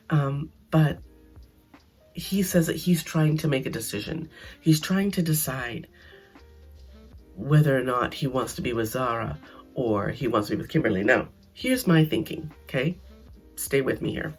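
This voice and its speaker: A woman with a husky, slightly breathy voice recapping reality TV in a casual, blunt way. She sounds animated and sarcastic, and faint music plays behind her. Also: extremely low pitch, normal speed. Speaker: reality TV commentator.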